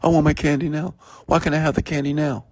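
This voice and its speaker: Bratty whining kid, high and pleading, put on by a deep-voiced man. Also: level tone, fast talker, darkish tone, no room sound, clean studio sound. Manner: whiny, complaining. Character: whining young child begging for candy.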